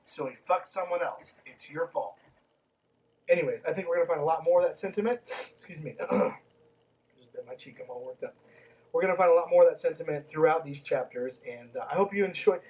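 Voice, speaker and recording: A man with a fairly high voice reads from a book on a podcast and keeps stopping to mock it, sarcastic and profane. He sits somewhat back from the microphone, so the sound is a little distant. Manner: snarky, sarcastic, swears freely. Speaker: podcast host reading a book aloud. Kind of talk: casual podcast commentary and reading.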